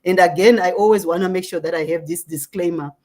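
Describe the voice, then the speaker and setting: Speaking with a lowish, slightly mellow voice, this middle-aged social justice advocate from Zimbabwe responds to an interviewer earnestly and with measured care. She frequently adds "right?" to check in.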